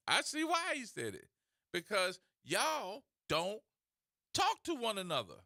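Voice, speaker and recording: A man hosts a talk radio show in a mocking, rolling rant. His voice sits high and sounds sharp and forceful. His pitch swings widely, and the studio sound is close and dry. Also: a little slow, gravelly, no echo. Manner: animated, mocking rant that slips into imitation voices.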